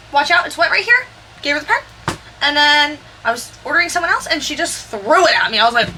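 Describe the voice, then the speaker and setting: Young woman, bright and a bit high-pitched, rambling storytime voiceover with faint noise behind. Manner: rambling, candid and animated, with quick asides. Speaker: Sims builder narrating her speed build.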